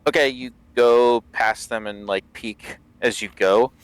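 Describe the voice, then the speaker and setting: A man's voice: medium pitch, steady tone, a little slow, clean tone, no room sound, low-quality recording. A man running a tabletop game as dungeon master, narrating with hesitant fillers.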